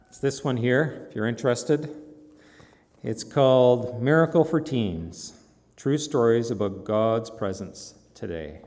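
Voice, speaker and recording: Gravelly low-voiced pastor in a reverberant church. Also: male voice, a little mellow. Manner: informal, conversational retelling. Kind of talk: sermon with prayer and story.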